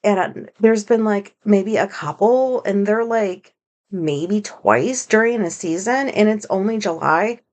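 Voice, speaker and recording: A woman hosting a casual solo podcast, rambling and swearing freely, mocking herself, and high on marijuana. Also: unhurried, darkish tone. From United States. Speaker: podcast host.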